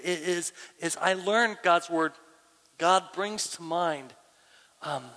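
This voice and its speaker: A man preaching a sermon as pastor, emphatic and animated, repeating phrases and dropping to a hushed prayer voice at times. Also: fairly high pitch. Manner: drops to a hushed, near-whispered prayer voice at times. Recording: long reverb of a large hall.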